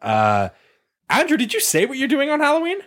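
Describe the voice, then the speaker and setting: A man's voice: extremely high pitch, wildly swooping pitch, brisk, a bit bright. A young man hosting a podcast, joking around and laughing often while he rambles. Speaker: podcast host. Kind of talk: casual chat.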